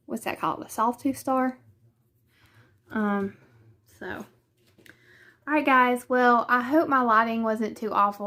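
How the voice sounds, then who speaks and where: A woman with a Southern US accent chatting casually through a quilting unboxing in her living room, hesitant and thinking aloud as she goes. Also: on the high side. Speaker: vlogger.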